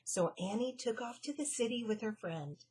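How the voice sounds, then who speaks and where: A woman reading stories aloud to children in a slow, expressive storyteller manner. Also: fairly high pitch, husky.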